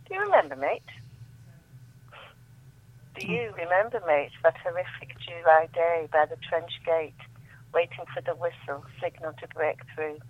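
A woman's voice: deep voice, dry recording. A woman reading her own poetry aloud as a radio guest, reciting with emotion and rising repeated refrains. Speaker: guest poet on a phone-in. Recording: tinny dry phone line.

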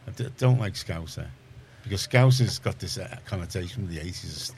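A man's voice: low voice, brisk, a little hiss or hum. A middle-aged man with a Liverpool accent hosting a community radio show in casual chat, rambling and correcting himself, then getting emphatic. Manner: rambling, self-correcting, gets heated and emphatic. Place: radio studio.

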